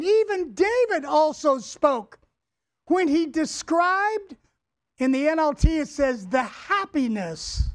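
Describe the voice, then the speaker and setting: A man's voice: extremely high pitch, sing-song, slow. A male pastor preaching a sermon, emphatic, repeating key words and having the congregation say them back. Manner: addresses the congregation directly.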